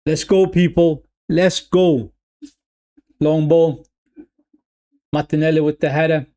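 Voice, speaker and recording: A man with a slightly high voice speaks slowly while streaming a live football watch-along. He excitedly calls the play in a loose way, repeats lines and addresses his viewers directly as "people."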